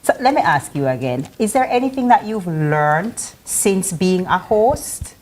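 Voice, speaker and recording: A woman's voice: fairly low pitch, animated, unhurried, darkish tone. A woman with a Jamaican accent hosting a morning TV show, chatting in a playful, teasing way. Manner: playful, teasing, laughs easily. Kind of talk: casual TV chat.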